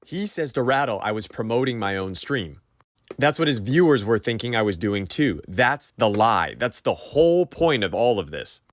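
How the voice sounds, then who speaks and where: A man's voice: fairly low pitch, big pitch swings, moderate pace. A man giving commentary over clips, defensive and emphatic as he rebuts claims point by point. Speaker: YouTuber responding to a dispute.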